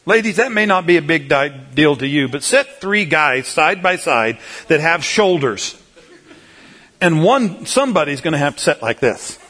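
A man preaching a humorous sermon, telling a folksy, animated story that swings between loud and soft. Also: fairly high pitch, moderate pace.

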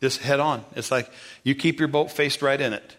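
A man preaching a sermon in a folksy, rambling way, telling a story and acting out the dialogue in a high, excited voice. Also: moderate pace.

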